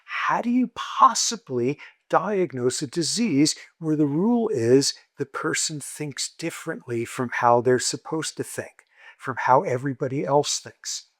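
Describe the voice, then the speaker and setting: A man giving a university lecture, telling a story and acting out the dialogue with sudden jumps in pitch. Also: measured pace, dry recording. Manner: animated, acts out quoted dialogue with jumps in pitch. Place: lecture hall.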